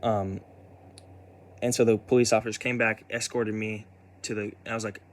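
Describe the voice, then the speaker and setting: A man's voice: fairly low pitch, level tone, normal speed. A young man telling a personal story in a casual way. He stumbles, restarts and repeats himself often, swears, and sounds upset. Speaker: vlogger.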